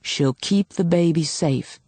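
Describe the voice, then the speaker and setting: A woman voicing a calm, firm male police officer speaking with quiet authority. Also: medium pitch, a little fast, no echo, pitched below the performer's own voice, close to an everyday voice.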